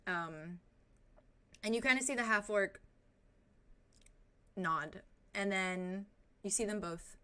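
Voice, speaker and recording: A woman narrates a tabletop game as its game master, her voice sitting on the lower side. She speaks in a relaxed, loose way, pausing to think as she describes the scene.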